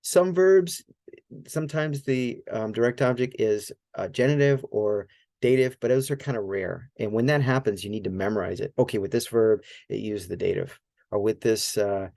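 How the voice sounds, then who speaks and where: A man teaching Greek grammar in a relaxed, informal way, explaining step by step and often checking with "right?". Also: lowish voice, normal speed, gravelly, no echo. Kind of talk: casual teaching.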